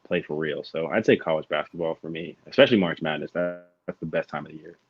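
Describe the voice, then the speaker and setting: A man's voice: extremely low pitch, fast, gravelly, husky, faint music behind. A young man, a college student guest, talking earnestly with lots of "like" and "you know" over a dull call line. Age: young adult. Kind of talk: casual chat. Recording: dull dry lo-fi call audio.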